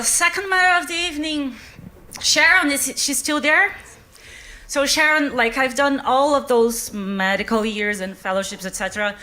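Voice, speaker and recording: A woman's voice: fairly high pitch, a bit bright. A woman in her thirties, not a native English speaker, doing a rambling, self-mocking stand-up comedy set on a club stage. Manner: chatty, rambling, self-mocking, many fillers. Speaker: stand-up comedian, obstetrics and gynaecology doctor. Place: stage in a club before a live audience.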